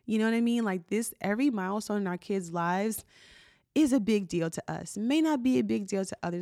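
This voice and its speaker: A woman hosts her own podcast, talking casually and from the heart. Her speech is loose and chatty, full of "like" and "you know". Her voice sits at a middle pitch and sounds dry, with no room echo. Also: fairly quick, warm tone. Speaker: podcast host. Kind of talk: casual solo podcast talk.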